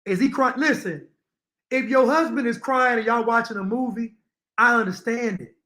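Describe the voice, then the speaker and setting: A man's voice: very high-pitched, moderate pace, pushed and bright. Opinionated man reacting to clips. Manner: opinionated, repeating points, talking to viewers. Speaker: commentary streamer. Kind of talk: reaction commentary.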